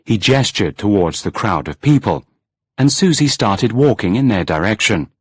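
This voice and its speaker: A man reads a storybook aloud in a measured, expressive way. His voice sits fairly low and has a husky, breathy grain, and his pitch moves a lot. The sound is close and dry, with no room. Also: dry recording. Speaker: audiobook narrator. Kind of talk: scripted storybook narration.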